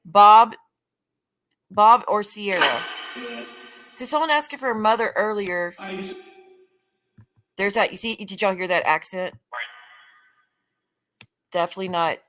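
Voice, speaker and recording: A woman hosts a late-night paranormal stream with a bright, forceful voice. She calls out names, strains to catch replies and keeps checking in with her chat. A long reverb trails after her words. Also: medium pitch. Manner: halting, calling out names and straining to hear. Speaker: paranormal livestream host. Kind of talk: live spirit-box session talking to chat.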